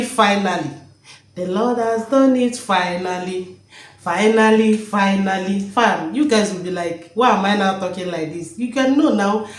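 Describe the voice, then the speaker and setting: A woman's voice: medium pitch, roomy sound, low-quality recording. A woman talking emotionally in a vlog at home, joyful and repeating her words. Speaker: vlogger. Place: home, indoors.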